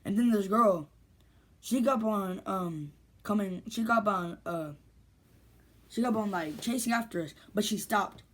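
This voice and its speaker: A woman's voice: mid-range voice, a little slow. A woman vlogger telling a story in casual, rambling, slangy speech with lots of restarts.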